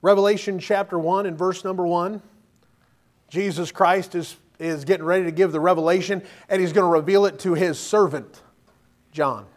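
A male preacher with a strikingly high voice gives a lively sermon at a moderate pace. He pushes his listeners with rhetorical questions and reads verses aloud between points.

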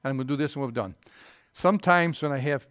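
A middle-aged man preaching a sermon as pastor, swinging from loud emphatic bursts to quieter asides and light teasing. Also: mid-range voice, fast talker, no room sound, clean studio sound.

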